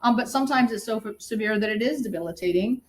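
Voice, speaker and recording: A middle-aged woman, a birth educator, explaining in lively conversation and sometimes acting out what new mothers say. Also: fairly high pitch, quick pace, low-quality recording. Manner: animated, acts out quoted moms.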